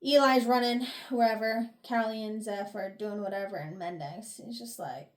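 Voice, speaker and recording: A woman's voice: mid-range voice, moderate pace. A young woman co-hosting a book review podcast, retelling chapters casually and acting out the characters' lines with lots of laughs. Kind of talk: casual book recap chat.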